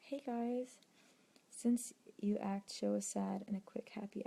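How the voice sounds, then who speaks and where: A young woman, an actress and video creator, reading fan questions in a late-night livestream, talking softly and hesitantly, often dropping to a near-whisper. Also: mid-range voice, fairly even intonation, unhurried, creaky. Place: indoors at home late at night.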